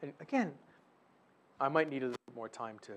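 A man preaching a sermon, swinging between loud emphatic bursts and soft drops, and acting out imagined prayers and voices. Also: mid-range voice, lively intonation, fairly quick. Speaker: pastor.

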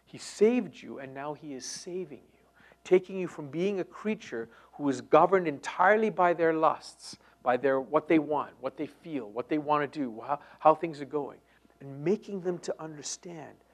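A middle-aged man preaching a sermon, moving between loud emphatic lines and hushed near-whispers. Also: on the high side, expressive, moderate pace. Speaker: pastor.

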